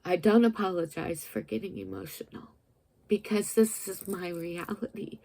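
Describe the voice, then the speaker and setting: A woman's voice: medium pitch, moderate pace, warm tone. A woman in her fifties, a vlogger giving an earnest, emotional spiritual message straight to her viewers. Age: 50s. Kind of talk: heartfelt spiritual talk to camera.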